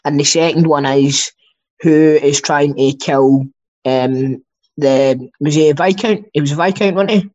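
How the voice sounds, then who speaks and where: A man's voice: on the high side, measured pace, darkish tone. A Scottish man co-hosting a podcast in casual chat, rambling and swearing freely. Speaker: podcast co-host. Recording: dull lo-fi sound.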